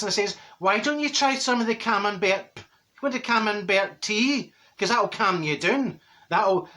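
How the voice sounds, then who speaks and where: A blunt, gossipy middle-aged Glasgow woman, played by a man, rattles through stories in a broad Glaswegian accent. The voice is bright and forceful, pushing every punchline. She chuckles at her own tales as she goes. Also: sits high. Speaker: comic character. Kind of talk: comic monologue to camera.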